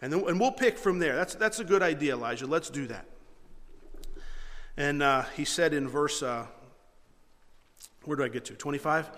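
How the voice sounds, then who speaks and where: A man preaching in a church hall, his voice pitched a little high and carried by a long reverb. He reads scripture quietly, then breaks into loud, animated, mocking asides. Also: moderate pace, long pauses. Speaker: pastor. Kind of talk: sermon.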